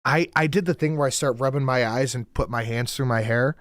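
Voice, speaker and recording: A man's voice: mid-range voice, a little fast, fairly bright tone, no echo, studio quality. A man telling a story in casual chat, profane and exasperated.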